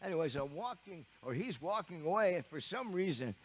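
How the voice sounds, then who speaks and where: Animated older Canadian storyteller, lively pitch. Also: male voice, a little fast. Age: 70s. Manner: rambling, animated, chuckling storyteller with restarts. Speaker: rock drummer and bandleader. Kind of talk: storytelling on stage between songs. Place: live concert in a TV studio.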